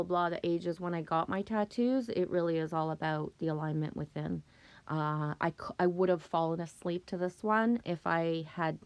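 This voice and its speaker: A woman's voice: on the low side, darkish tone, smooth, no echo. A woman, hosting a casual livestream, chatting with viewers and telling stories in a chatty way, swearing now and then. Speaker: livestream host reading chat.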